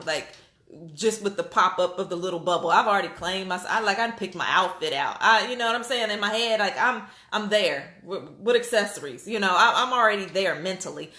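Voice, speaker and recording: Excitable woman vlogger, roomy echo. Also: medium pitch, normal speed. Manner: animated, excitable, many fillers and restarts. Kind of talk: casual storytelling to viewers.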